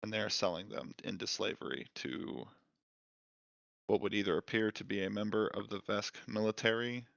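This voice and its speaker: A man's voice: fairly low pitch, normal speed, vocal fry, a bit bright, dry recording, highs cut off. A man voicing a formal officer who solemnly reports bad news to a father.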